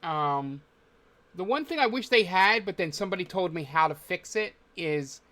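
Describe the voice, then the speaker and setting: A man's voice: high voice, expressive, normal speed, sharp tone. A man hosting a podcast, talking casually about games in a loose, rambling way with many filler words. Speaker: podcast host. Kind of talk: casual chat.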